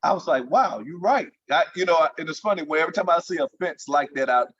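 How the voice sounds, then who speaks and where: Husky animated male storyteller. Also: very fast, highs cut off. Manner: animated storyteller, jumps high in pitch for excited quotes. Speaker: guest, former pro basketball entertainer. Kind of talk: storytelling in casual interview.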